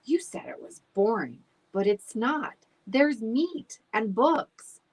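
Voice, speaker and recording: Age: adult. Figure: woman playing a bouncy male pet dog in a storybook. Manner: lively, high, husky-edged. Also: slow, full character voice, low-quality recording. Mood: eager.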